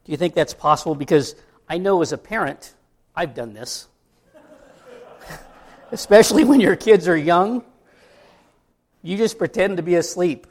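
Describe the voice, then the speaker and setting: A man's voice: high voice, lively intonation, a little slow, long pauses, darkish tone. A middle-aged man from the United States preaching a sermon in a conversational way, with asides and rhetorical questions to the congregation. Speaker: pastor.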